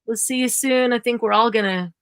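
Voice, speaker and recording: A woman hosting a live craft stream, chatting in a relaxed, rambling way. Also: on the high side, brisk, clean tone, dry recording. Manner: relaxed, rambling, warm sign-offs. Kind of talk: casual live-stream chat.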